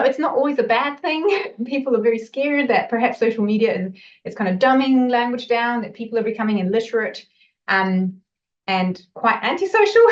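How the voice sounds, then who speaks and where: A woman linguistics researcher giving a recorded academic talk in a measured way, often pausing on um and uh. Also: a little high. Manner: measured, with frequent um and uh fillers. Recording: slightly dull lo-fi audio.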